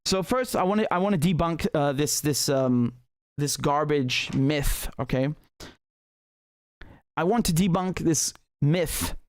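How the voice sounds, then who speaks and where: A man's voice: fairly high pitch, a little slow, no echo. A man giving impassioned, indignant political commentary, sarcastic at times and repeating phrases for emphasis.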